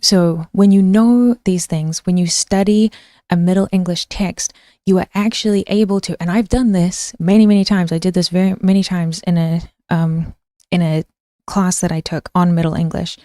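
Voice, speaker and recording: A woman's voice: on the low side, steady tone, moderate pace, mellow, no room sound. A young woman streaming, rambling through a casual linguistics rant with lots of fillers and restarts while answering chat.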